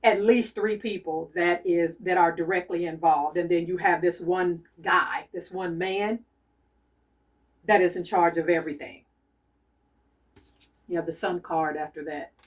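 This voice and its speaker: Low-voiced woman reading tarot cards. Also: fairly even intonation, measured pace, pauses often, distant mic. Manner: soft-spoken, repeats her urgings insistently. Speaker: tarot reader and medium.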